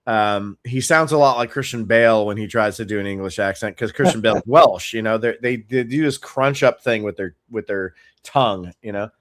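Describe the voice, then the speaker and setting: A man co-hosting a casual reaction chat about a TV episode, talking in an animated, profane way and laughing often. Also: lowish voice, moderate pace, few pauses. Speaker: co-host.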